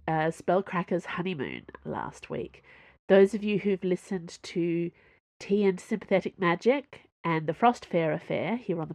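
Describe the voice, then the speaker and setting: A woman hosting a podcast and reading her own serialized fiction aloud in an expressive, animated storytelling manner. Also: fairly low pitch, no echo, studio quality.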